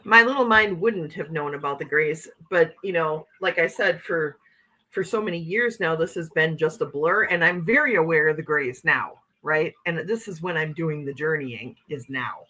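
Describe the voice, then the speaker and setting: A woman's voice: low-pitched, normal speed, bright, forceful tone, poor audio. A woman hosting a casual livestream, talking in a rambling, conversational way and reading out viewer comments. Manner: rambling and conversational, with frequent "okay" and "you know what I'm saying". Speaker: livestream host.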